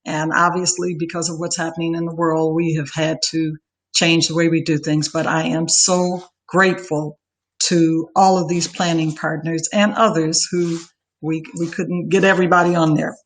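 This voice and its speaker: A woman's voice: sits low, level tone, normal speed. An older woman, close to tears, giving a heartfelt farewell speech of thanks as an outgoing organization leader over a video call. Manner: heartfelt, emotional, lists names warmly.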